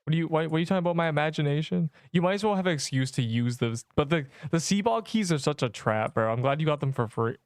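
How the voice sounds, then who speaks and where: Male game streamer, slightly high voice, excitable and rambling, quick laughs. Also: dry recording, studio quality. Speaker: livestreamer. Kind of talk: gameplay livestream commentary.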